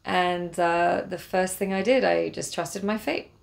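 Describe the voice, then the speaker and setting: A woman's voice: lowish voice, steady tone, a little slow, creaky. An English woman telling a casual, rambling travel diary with many fillers and restarts, earnest and a little spiritual. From England. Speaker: travel vlogger.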